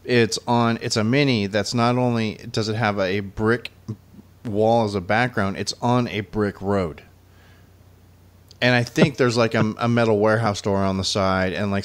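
A man's voice: fairly low pitch, fairly even intonation, normal speed. A man hosting a casual car podcast, chatting loosely and rolling into upbeat sponsor plugs. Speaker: podcast host.

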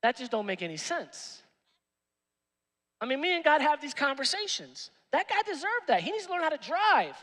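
A man, the pastor, preaching a sermon in an animated, joking way with streetwise slang. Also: very high voice, moderate pace. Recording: long reverb in a church hall.

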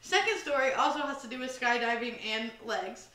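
A woman's voice: on the high side, animated, brisk, bright, forceful tone. A young woman co-hosting a casual podcast, rambling through stories with lots of fillers. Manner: rambling, filler-heavy storytelling. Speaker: podcast co-host. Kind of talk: casual chat. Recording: roomy, slightly distant mic.

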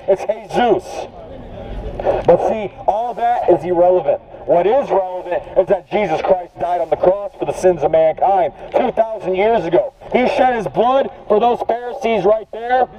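A man preaching loudly outdoors on a city street, insistent and repeating his phrases. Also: high voice. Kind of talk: open-air street preaching. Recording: muffled lo-fi outdoor recording, loud crowd.

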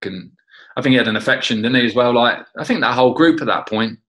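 A man's voice: medium pitch, quick pace, a bit bright, low-quality recording. A man reminiscing about a former teammate in an interview, chatty and full of "you know" fillers.

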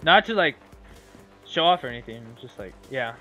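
A man giving excitable live commentary over his own gameplay into a computer microphone, swearing, yelling at opponents and stumbling over his words. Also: medium pitch, normal speed, long pauses, highs cut off, faint music behind. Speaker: gamer.

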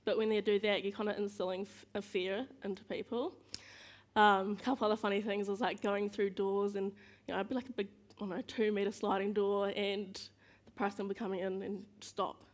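A woman giving a casual, storytelling talk as a guest speaker. She tells self-mocking stories, laughs often and acts out other people's lines in quick voices. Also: medium pitch, little pitch movement.

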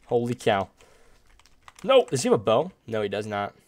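A man in the middle of a gaming session, talking through his play in a casual, chatty, upbeat way. His voice sits at an ordinary middle pitch, and now and then he jumps into loud, playful outbursts. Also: wildly swooping pitch, moderate pace. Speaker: gaming video host. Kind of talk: casual gameplay commentary.

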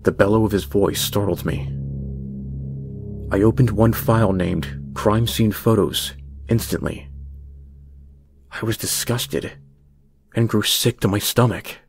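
A man narrates a horror story in a measured, tense voice pitched a little low. His delivery stays steady and deliberate. Background music runs under the reading.

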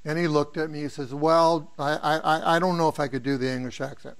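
Older male professor from the Midwest, higher-pitched voice, chatty review lecture full of asides. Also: fairly even intonation, fairly quick, hardly any pauses, fairly bright tone. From American Midwest. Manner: rambling, anecdotal, asks students questions. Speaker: neuroanatomy professor. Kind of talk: informal exam review lecture.

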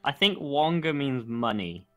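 A man's voice: mid-range voice, expressive, sharp tone, faint music behind. A young man chatting casually and playfully while playing a video game with a friend. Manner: chatty, playful, quick to laugh. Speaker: gamer. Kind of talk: casual gaming chat.

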